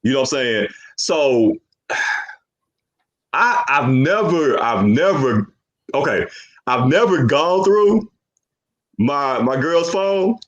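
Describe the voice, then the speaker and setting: A man's voice: mid-range voice, expressive, takes it slowly, pauses often, lo-fi sound. A young man hosting a podcast, talking in a loose, rambling way and filling his sentences with "you know what I'm saying". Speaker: podcast host. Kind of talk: casual chat.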